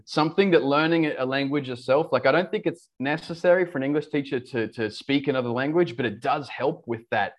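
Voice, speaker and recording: A man with an Australian accent, an English teacher chatting casually as a podcast guest, relaxed with frequent fillers and restarts. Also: medium pitch, brisk, hardly any pauses.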